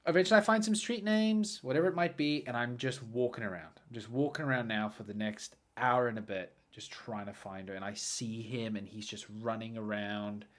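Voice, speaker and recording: A man hosting a podcast who tells a story casually and animatedly, jumping from loud excited bursts to quiet muttering. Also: fairly low pitch. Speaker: podcast host.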